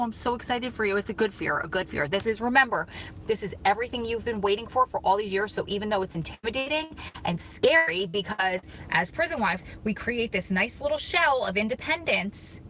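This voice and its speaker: A woman's voice: mid-range voice, fairly bright tone, slight background noise, low-quality recording. A woman hosting a casual live stream from a parked car, chatting and reacting to viewer comments on her phone. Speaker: livestream host reading viewer comments. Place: parked car in a store parking lot.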